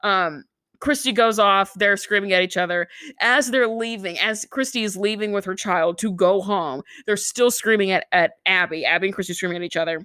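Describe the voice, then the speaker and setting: A young woman co-hosting a podcast, chatting casually and telling a story with lively impressions of the people in it. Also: normal speed, dry recording. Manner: animated storyteller, mimics people in shrill voices. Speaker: podcast co-host. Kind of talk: casual chat recapping a reality show.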